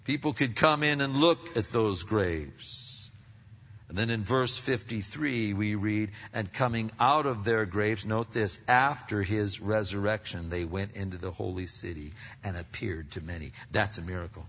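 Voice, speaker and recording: A bright, forceful male preacher delivers a sermon, rising to loud emphatic peaks and falling to near-whispers. His voice rings through a large hall with a long reverb. The sound is slightly dull and muffled. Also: unhurried. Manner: dramatic swings between loud emphatic peaks and hushed low passages. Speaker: pastor.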